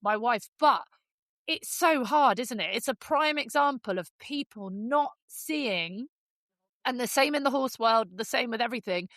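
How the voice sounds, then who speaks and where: Animated woman host telling a story. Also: a little high, unhurried, no room sound. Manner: animated storyteller who acts out quotes and swears freely. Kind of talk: casual podcast chat.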